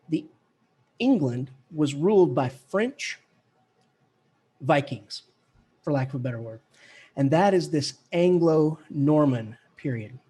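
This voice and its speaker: Husky-voiced man lecturing, chatty and jokey. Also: on the high side, warm tone. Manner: chatty, jokey, playful mock accents. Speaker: English professor lecturing. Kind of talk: lively classroom lecture.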